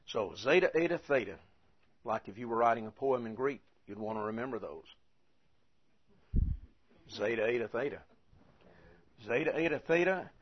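A man's voice: medium pitch, slightly rough, muffled recording. A man teaching a lesson, patiently repeating and spelling things out as he goes. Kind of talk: teaching the Greek alphabet.

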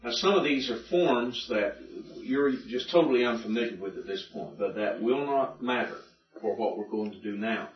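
A man's voice: medium pitch, normal speed. Male teacher, patient drilling lecture, recorded from the back of an echoey room, muffled lo-fi sound. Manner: patient, methodical, repeats and drills. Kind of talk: classroom lecture. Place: classroom. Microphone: room recording from a distance. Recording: distant echoey classroom recording, dull lo-fi.

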